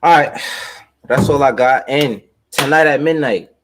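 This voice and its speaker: A man's voice: medium pitch, unhurried, background noise. A man hosting a casual sports podcast over a remote call, loose and easygoing with lots of fillers. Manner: laid-back, loose, with many fillers and laughs. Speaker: podcast host.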